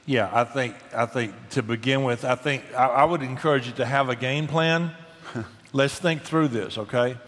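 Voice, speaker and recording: A middle-aged man appears as a guest on a casual Christian talk show, discussing marriage in a medium-pitched, slightly bright voice at normal speed. His earnest, folksy manner includes frequent restarts, and the sound carries a long hall reverb.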